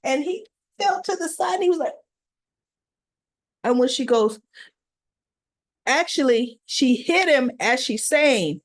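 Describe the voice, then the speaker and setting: A woman's voice: sits high, animated, a little slow, pauses often, no room sound. A woman hosting a casual recap, retelling scenes with acted-out quotes and chatty asides. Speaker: soap opera recap host.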